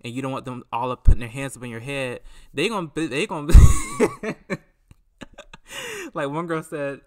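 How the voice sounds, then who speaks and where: A man hosting a podcast, talking in a casual, rambling and animated way, often acting out what people said. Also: medium pitch, fast. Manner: rambling, animated, acts out quotes. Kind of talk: casual solo commentary.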